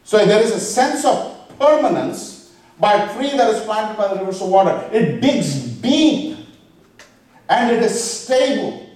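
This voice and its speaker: A man delivers a sermon, putting questions to his listeners and quoting scripture as he goes. His voice sits a little high. It rings through a very echoey space, picked up from some way off the microphone. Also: sing-song, unhurried, darkish tone. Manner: preaching with rhetorical questions and scripture quotes. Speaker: pastor. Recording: echoey room, voice from far off the mic.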